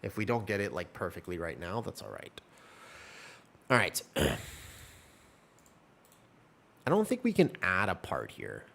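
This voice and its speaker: A man's voice: sits low, huge pitch swings, normal speed, gravelly, a bit bright. A man streaming and chatting casually, answering his chat in a rambling, talkative way. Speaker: game streamer.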